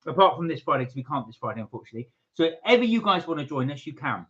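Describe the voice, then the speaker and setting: A man's voice: fairly high pitch, big pitch swings, rapid-fire, sharp tone, muffled recording. Chatty man reading out live chat. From England. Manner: chatty, reads viewer comments aloud. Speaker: live stream co-host. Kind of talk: casual live-stream chat.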